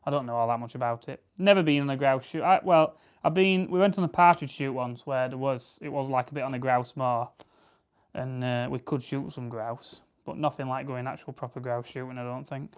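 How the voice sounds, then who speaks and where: Man, barnsley yorkshire accent, casual livestream chat, rambling and self-correcting, smooth clear tone, mid pitch. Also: a little fast. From Barnsley, England. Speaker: farming channel host. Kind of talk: casual livestream chat while plucking game.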